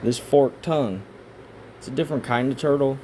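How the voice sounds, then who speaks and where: A man of middle pitch talks casually over a set of images, cursing freely and jumping between rambling asides and loud, excited outbursts. A faint hum of room noise sits behind his voice. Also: moderate pace. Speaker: video creator.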